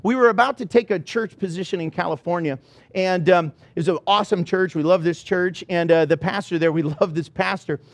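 A man preaching a sermon, telling personal stories in an animated way and acting out the dialogue. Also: high-pitched, fairly quick, no echo. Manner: animated storyteller who acts out dialogue.

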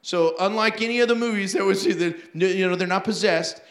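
A man's voice: high-pitched, a little fast, a bit bright, roomy sound. A man preaching a sermon as pastor, telling stories animatedly with laughs and acted-out asides.

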